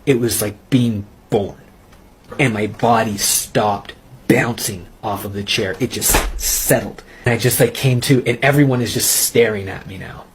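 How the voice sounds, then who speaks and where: A man telling his personal faith testimony in an earnest, intense way, pausing and restarting as he recounts it. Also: on the low side, a little hiss or hum. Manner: earnest, intense storytelling with halting pauses. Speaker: testimony speaker.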